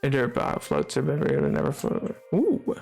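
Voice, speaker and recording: A man's voice: mid-range voice, huge pitch swings, normal speed, gravelly, a little mellow, soft background music. A man chatting casually on a game stream, rambling and giggly with lots of fillers. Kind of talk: casual live-stream chat.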